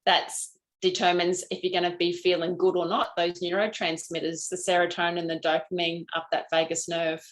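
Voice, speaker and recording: A woman's voice: on the low side, flat delivery, moderate pace, low-quality recording. Bubbly, frank Australian woman; live-stream host chatting with viewers. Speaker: host, lymphatic health practitioner. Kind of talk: live-stream chat answering viewer comments.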